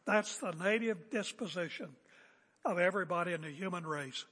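Preaching as a pastor, a man is emphatic and confrontational, hammering home repeated phrases. His voice is high, a bit bright, and slightly rough, at a moderate pace, recorded in an echoey hall with long reverb.

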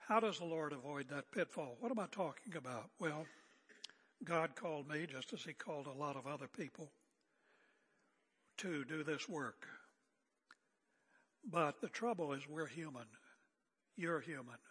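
An older man preaching a sermon as pastor, seated and speaking in a calm, conversational way with rhetorical questions. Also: a little high, a little slow, long pauses, slightly rough, big-room sound. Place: church sanctuary. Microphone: seated at pulpit area mic.

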